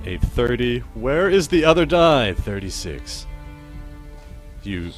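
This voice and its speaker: A man running a tabletop game as dungeon master, chatty and quick with asides, often laughing. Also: sits low. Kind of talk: narrating a tabletop game on a livestream.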